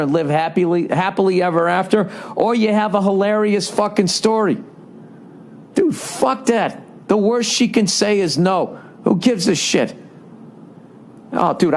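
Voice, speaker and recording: A man's voice: on the high side, slight background noise. A man in his forties with a Boston accent, hosting a podcast in a rambling, profane, sarcastic comedic monologue, reading out listener emails with running commentary. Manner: profane, sarcastic, animated ranting. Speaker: podcast host.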